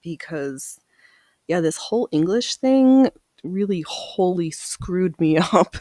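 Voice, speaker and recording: A woman's voice: lowish voice, lively intonation, takes it slowly, mellow, dry recording. A woman hosting a casual live sewing stream. She laughs often and reads viewer comments aloud as she works. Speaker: livestream host.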